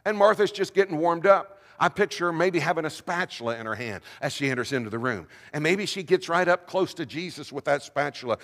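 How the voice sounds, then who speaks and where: A man preaching, telling a story with lively, playful asides. His voice sits a little high. A long reverb from the sanctuary trails every line. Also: brisk, hardly any pauses. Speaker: senior minister. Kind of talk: sermon. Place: church sanctuary.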